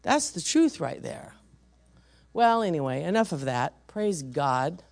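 Animated woman preacher, lively voice. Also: low voice, takes it slowly, vocal fry. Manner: animated, emphatic, acts out voices. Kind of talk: sermon storytelling to a congregation.

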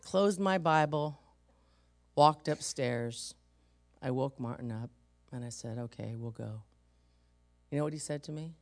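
A woman's voice: very deep voice, unhurried, pauses often, dry recording. A middle-aged woman from San Francisco preaching a sermon, telling personal stories and acting out the voices she quotes with emphasis.

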